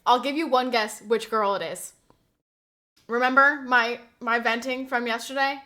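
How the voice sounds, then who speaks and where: Bright chatty young woman streamer. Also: on the high side. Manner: chatty and animated, venting gossip and reacting to chat. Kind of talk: casual chat with live viewers.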